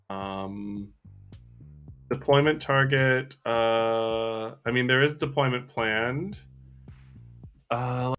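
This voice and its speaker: A man's voice: medium pitch, a bit bright. A man co-hosting a live coding stream, chatting casually and thinking aloud in a self-deprecating way.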